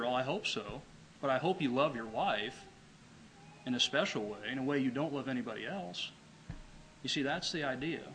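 In a sermon recorded at low quality, a man with a mid-range voice preaches brightly and forcefully. Repetition of his key lines adds weight, and his pace drops whenever he reads scripture. A faint background noise is audible.

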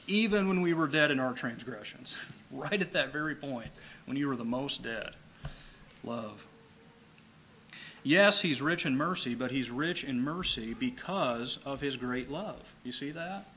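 A man preaching a sermon, emphatic, repeating key phrases and slowing down to read scripture. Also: mid-range voice, expressive, bright, forceful tone, a little hiss or hum, rough recording.

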